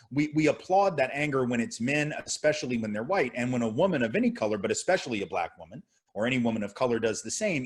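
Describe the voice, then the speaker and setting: A man in his fifties, a guest speaker answering audience questions in an impassioned, rhetorical way over a video call. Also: medium pitch. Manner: impassioned, rhetorical, repeats "right?".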